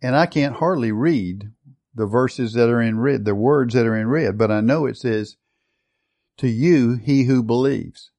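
A man preaching a sermon, emphatic, stretching out key words and often changing his loudness. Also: medium pitch, a little slow.

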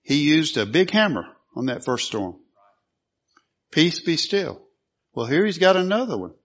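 A man delivers a sermon, reading scripture and putting questions to the listeners. His voice sits a bit high for a man, and he clears his throat now and then. The recording is dull and lo-fi. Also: big pitch swings, a little fast. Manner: reads scripture aloud, asks the listeners questions. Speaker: preacher. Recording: dull lo-fi sound.

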